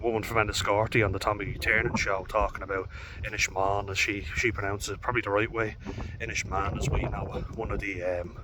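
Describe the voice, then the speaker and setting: A man's voice: on the low side, background noise. An Irish man who coaches youth rugby, talking casually to camera in a rambling, frank way, with fillers and the odd swear word. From Ireland.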